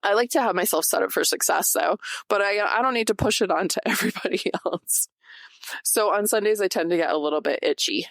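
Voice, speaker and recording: A woman's voice: medium pitch, a little fast, gravelly, a bit bright, no echo, studio quality. A woman hosting a podcast on her own, chatting casually and straight to her listeners, partly reading from notes. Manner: chatty, addresses listeners directly, laughs often. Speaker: podcast host. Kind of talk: casual solo podcast talk.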